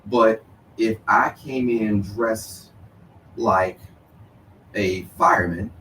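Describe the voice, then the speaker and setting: Male lawyer guest, lowish voice, explains things patiently, sits back from the mic in a roomy space. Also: drawn-out words, a bit bright, slight background noise. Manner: explanatory, uses "you know" and "okay" a lot. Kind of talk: radio debate. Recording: roomy distant sound with faint ambience.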